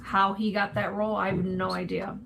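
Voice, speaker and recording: Female co-host, gravelly, matter-of-fact, faint background noise. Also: medium pitch, level tone, fairly quick, fairly bright tone.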